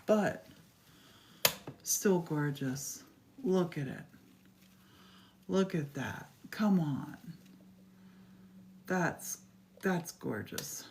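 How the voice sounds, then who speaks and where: A woman's voice: lowish voice, lively intonation, very slow, pauses often, darkish tone, a little hiss or hum. A woman hosting a casual crafting demonstration, chatty and gushing as she works. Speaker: craft host.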